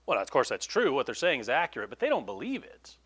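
A man preaching a sermon in a conversational, animated way, with quick asides to the congregation. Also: mid-range voice, breathy edge. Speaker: pastor.

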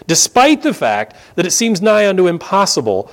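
Emphatic, animated male preacher. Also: sits high, normal speed, few pauses. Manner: emphatic, repeats key phrases for stress. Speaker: pastor. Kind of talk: sermon.

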